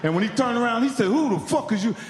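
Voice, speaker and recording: A man's voice: very high-pitched, expressive, fast talker, big-room sound. A man from Indiana doing stand-up, telling a profane story and acting out the other people in it. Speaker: stand-up comedian. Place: live comedy venue.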